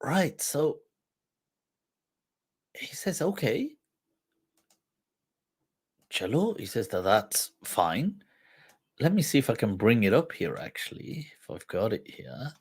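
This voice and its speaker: A man hosting a livestream who tells an old story with quoted dialogue, reciting Arabic quickly before translating it, mixing in Urdu phrases and laughing along the way. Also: on the low side, sing-song, slightly rough. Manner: mixes Urdu phrases into English. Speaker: livestream host and mufti.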